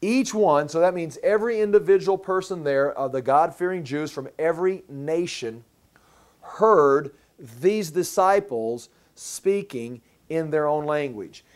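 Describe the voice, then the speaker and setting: High-voiced man teaching a sermon. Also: lively intonation. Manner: emphatic, explaining step by step, slows to stress words. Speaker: pastor. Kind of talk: sermon, verse-by-verse Bible teaching.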